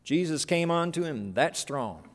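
A male preacher delivers a sermon as a lively story, his high voice swooping up and down. He acts out voices as he goes. The sound carries a long hall reverb. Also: measured pace.

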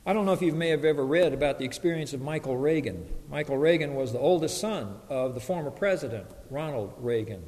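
A man's voice: fairly high pitch, fairly quick, hardly any pauses, a little mellow. Earnest man preaching in a reverberant hall. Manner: earnest, emphatic preaching with rising intensity on quotes. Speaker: pastor. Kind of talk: sermon.

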